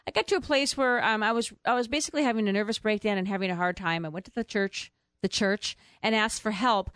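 A woman's voice: mid-range voice, quick pace, fairly bright tone, clean tone, dry recording, clean studio sound. A middle-aged woman telling her personal story as an interview guest. She rambles with fillers and restarts, and acts out the voices of the people she quotes.

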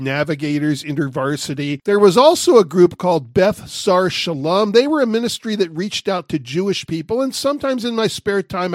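A man with a notably high voice leads a Bible study as an evangelist. He tells his stories in a direct, firm, plain-spoken way and grows animated as he goes. The sound is close and dry, with no room around it. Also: no room sound. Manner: animated storyteller, voice rising sharply when acting out his own retorts. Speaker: evangelist and radio host.

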